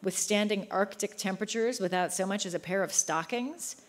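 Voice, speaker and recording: A woman's voice: mid-range voice, normal speed, natural voice. A woman reading a hearty, imposing man. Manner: hearty, teasing. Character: broad, imposing, jovial man. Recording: long hall reverb.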